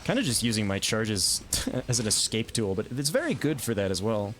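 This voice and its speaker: A man's voice: lowish voice, sing-song. Man chatting over gameplay, noisy audio. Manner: chatty and self-amused, with asides and quick reactions. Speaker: streamer. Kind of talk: casual gameplay commentary.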